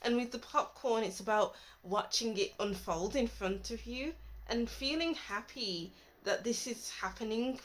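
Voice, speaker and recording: A woman's voice: a little high, a little hiss or hum. A woman giving a chatty, reassuring tarot reading into her phone, now and then laughing at herself. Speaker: tarot reader.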